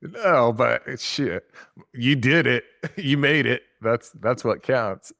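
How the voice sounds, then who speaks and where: A man's voice: medium pitch, slow pace, gravelly, fairly bright tone. A man hosting a podcast in casual chat, laughing easily and reacting with short eager remarks. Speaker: podcast host.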